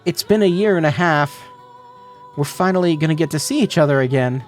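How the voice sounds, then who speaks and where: A man voicing a gentle young woman who has long waited for her lover, reading in a softened, raised voice. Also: a little high, lively intonation, brisk, soft background music, lightly acted. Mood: eager.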